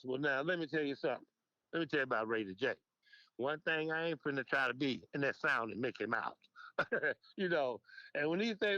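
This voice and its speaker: An older veteran club DJ from Memphis, United States, appears as an interview guest, telling old club stories in a bright, sharp, fairly high voice at a brisk clip. He's an animated storyteller who acts out quoted dialogue and laughs often, captured in a dry, low-quality recording.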